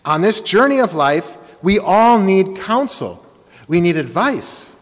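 A man's voice: sits high, sing-song, takes it slowly. A man preaching a sermon to his congregation, emphatic and engaging, with call-and-response. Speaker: pastor. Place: church sanctuary. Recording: long hall reverb.

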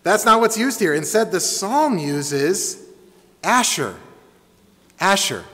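A man's voice: high-pitched, big pitch swings, a little slow, bright, forceful tone. A man preaching a sermon to his congregation, emphatic and engaging, with call-and-response. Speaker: pastor. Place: church sanctuary. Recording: long hall reverb.

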